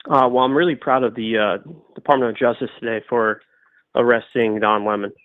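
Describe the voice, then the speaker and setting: A man in his twenties calling in to a live stream, calm and a bit hesitant. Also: mid-range voice, brisk, no echo. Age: 20s. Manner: calm, hesitant, uses fillers. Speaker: caller. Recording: tinny phone-like call audio, dry.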